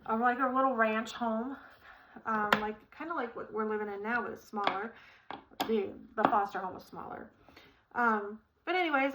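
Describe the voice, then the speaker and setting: A middle-aged woman vlogger tells a personal story while assembling furniture, rambling warmly with lots of fillers and restarts. Her voice is on the high side, and the poor audio carries a little hiss or hum.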